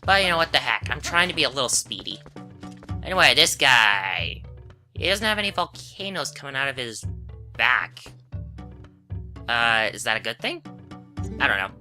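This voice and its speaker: A woman's voice: extremely low pitch, sing-song, moderate pace, pauses often, pushed and bright. A woman giving casual, rambling gameplay commentary, full of asides and fillers. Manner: chatty, rambling, frequent "uh" and "anyway". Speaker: game commentator. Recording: game music behind voice.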